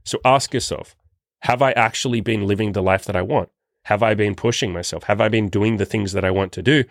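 A man's voice: on the low side, brisk, gravelly, no room sound, studio quality. Blunt, profane young male coach. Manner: blunt and profane, pushy, urgent. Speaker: self-improvement coach. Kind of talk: motivational monologue.

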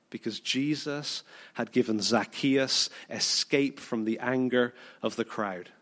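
A British man preaching a sermon, telling the story with energy, acting out the people he quotes and now and then tripping over repeated words. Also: medium pitch.

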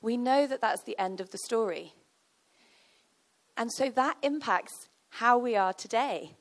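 A woman's voice: a little high, expressive, measured pace. Chatty woman giving a sermon. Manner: chatty, many fillers, storytelling with laughs. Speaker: church speaker. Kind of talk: conversational sermon.

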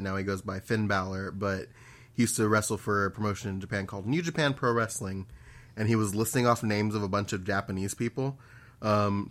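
A man's voice: lowish voice, fairly bright tone. A man co-hosting a podcast, joking and crude in casual chat. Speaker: podcast co-host.

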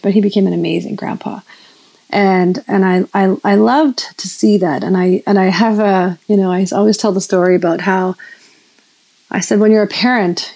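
A woman's voice: medium pitch, vocal fry, dark tone, rough recording. A woman in her fifties preaching in a casual storytelling way, rambling with many restarts and self-corrections. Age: 50s. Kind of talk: sermon-style storytelling.

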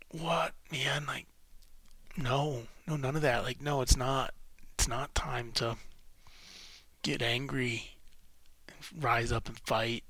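A man hosting a solo podcast, rambling in halting, profane restarts while emotionally shaken and close to tears. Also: mid-range voice, gravelly, pushed and bright, slightly rough, dry recording. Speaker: podcast host.

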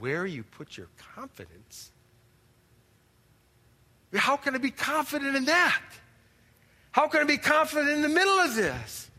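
A man's voice: very high voice, huge pitch swings, a little slow, long pauses, sharp tone, full character voice. A man acting as an anxious, overwhelmed churchgoer who pleads with God, exasperated and stammering as he talks. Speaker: actor in skit. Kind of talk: church drama monologue. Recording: reverberant hall.

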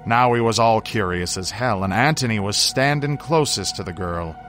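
Man, horror story narrator, dramatic, drawn-out phrasing, faint background music. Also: on the low side, a bit bright.

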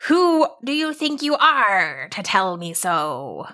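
Woman doing a rhyming leaf monster: slow, gruff, proud, storybook creature. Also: mid-range voice, very animated, pushed and bright, heavily acted. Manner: slow, rhyming, old-fashioned speech.

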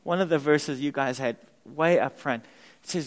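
A man pastor preaching a sermon in a church, emphatic and animated, repeating key words for effect. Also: a little high, moderate pace. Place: church sanctuary. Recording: long reverb of a church hall.

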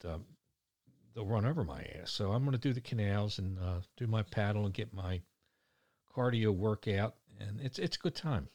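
A man's voice: on the low side, a little mellow. Blunt, rambling Baltimore man in his sixties. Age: 60s. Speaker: vlogger. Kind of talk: casual monologue to camera.

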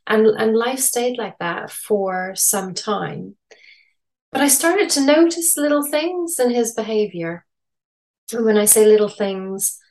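A middle-aged woman with a Canadian accent, a podcast guest telling her story in a reflective, measured way over a remote call. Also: on the high side. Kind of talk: interview storytelling.

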